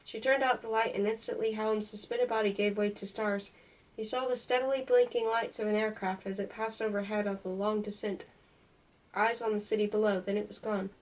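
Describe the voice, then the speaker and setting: A woman reading a novel aloud in a steady, even narration. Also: medium pitch, brisk, distant mic, poor audio. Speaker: reader.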